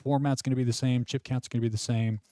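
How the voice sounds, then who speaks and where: A man's voice: medium pitch, steady tone, fast talker, mellow, no echo, clean studio sound. A man hosting a live poker stream, chatting casually with fillers and frequent laughs.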